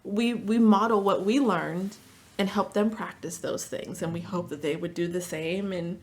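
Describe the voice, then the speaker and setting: Woman, middle-aged, therapist, casual podcast chat, animated storyteller. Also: medium pitch, normal speed, a little hiss or hum. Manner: animated storyteller acting out family dialogue. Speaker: therapist guest.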